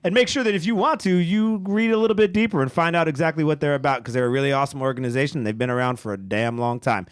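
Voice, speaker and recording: A man's voice: fairly high pitch, quick pace, few pauses, clean tone, dry recording. A man hosting a podcast, reading a cannabis news roundup in a loose, joking way and swearing freely. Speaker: podcast host. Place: podcast studio.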